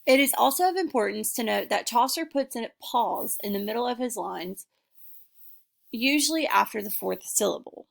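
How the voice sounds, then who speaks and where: Gravelly-voiced young woman presenting. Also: fairly high pitch, lively intonation, normal speed. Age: young adult. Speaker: student presenter. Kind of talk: class presentation, read from notes.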